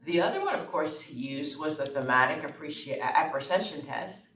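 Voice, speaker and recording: A woman's voice: deep voice, lively intonation, a little fast, fairly bright tone. A middle-aged woman instructor giving a classroom lecture in a conversational way, often checking in with her listeners. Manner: conversational, checks in with "okay?" and "right?". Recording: echoey room, far from the mic, faint room noise.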